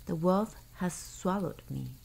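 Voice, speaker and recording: Woman reader doing a plucky tiny boy, whispered role-play, mellow and soft. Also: fairly low pitch, slow, vocal fry, breathy edge, full character voice. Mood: cheeky.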